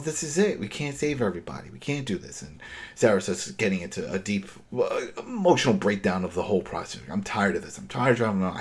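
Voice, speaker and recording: A man hosting a casual talk show, retelling a TV episode in an animated way. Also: on the low side. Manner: animated retelling, acts out quotes. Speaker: host.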